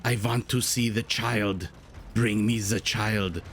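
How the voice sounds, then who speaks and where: A man imitating a solemn, older German documentary narrator with a heavy German accent, speaking slowly and gravely. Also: on the low side, fairly even intonation, a little hiss or hum.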